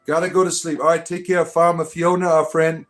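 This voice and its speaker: A man's voice: a little high, little pitch movement, a little fast. A man from the United States hosts a casual live stream, reading viewer comments aloud and riffing on them. His talk rambles and jokes along, with frequent restarts. Faint music plays underneath. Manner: rambling, joking, many restarts. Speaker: livestream host reading chat comments.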